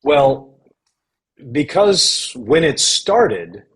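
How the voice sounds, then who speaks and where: A man guest on a podcast, telling stories in a measured, anecdotal way about his acting career. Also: fairly high pitch, very animated, poor audio. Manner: anecdotal, measured, uses quoted voices. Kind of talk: relaxed storytelling conversation.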